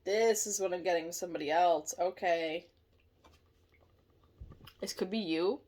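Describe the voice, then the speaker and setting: A woman gives a casual, chatty tarot reading, laughing often and apologizing or correcting herself mid-sentence. Her voice is fairly low and darkish, and she takes her time.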